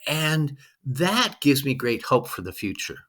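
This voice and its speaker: A man's voice: medium pitch, very animated, measured pace, a bit bright. A man in his sixties, a guest on an interview podcast, speaking reflectively with frequent ums. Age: 60s. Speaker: guest, fundraising leader.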